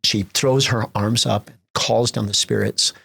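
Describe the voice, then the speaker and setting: A middle-aged American man, a theater festival executive, telling lively stories in a podcast interview and acting out the voices he quotes. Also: fairly low pitch, a little slow, creaky, husky, no echo. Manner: animated storyteller acting out quotes.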